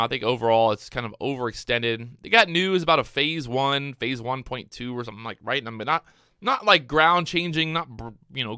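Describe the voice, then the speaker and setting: A man talks through his trades live in a bright, crisp voice, recorded dry and close on a desk microphone. He gets excitable and a little breathless, repeats phrases and speaks straight to his viewers. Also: medium pitch, no echo. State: out of breath, hyped up. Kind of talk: live trading commentary.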